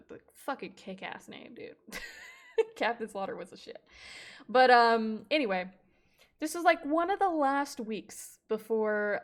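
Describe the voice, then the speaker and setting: A woman streamer and Navy veteran telling stories in casual chat, swearing freely and laughing often. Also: on the high side.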